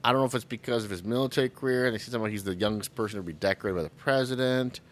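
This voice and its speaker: Man, podcast co-host, casual movie chat, jokey, animated, average pitch. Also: racing. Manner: animated, jokey, acts out quotes in raised voices.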